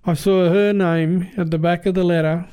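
A man's voice: high-pitched, steady tone, moderate pace, mellow, smooth. An Australian man telling a personal story in an earnest, plain-spoken, conversational way. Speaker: guest telling his testimony.

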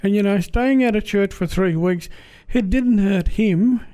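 An Australian man with a high, mellow voice gives a personal church testimony. He speaks in a plain, halting, earnest way.

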